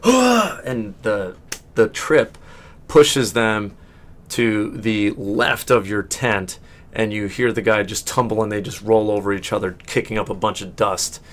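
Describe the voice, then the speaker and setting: A man's voice: lowish voice, fairly even intonation, a little slow, a bit bright. A man narrating as game master of a tabletop game, rambling and often correcting himself.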